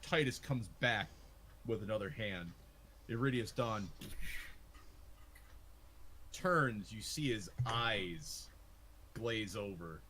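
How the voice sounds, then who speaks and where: A man running a tabletop game as game master, narrating the action in a lively storytelling manner and laughing easily. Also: on the low side, takes it slowly, long pauses, a little hiss or hum.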